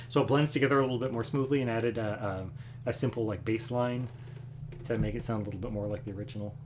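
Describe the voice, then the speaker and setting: A man hosting a music livestream from home, chatting casually between songs in a relaxed, rambling way with frequent chuckles. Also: mid-range voice, slight background noise. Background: acoustic guitar.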